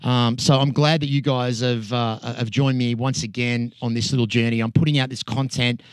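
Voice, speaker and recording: A man's voice: medium pitch, little pitch movement, normal speed, clean tone, no echo. A man hosting a podcast in a small studio, talking candidly and casually with his guests. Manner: candid, self-deprecating, frequent "yeah". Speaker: podcast host. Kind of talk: casual interview chat.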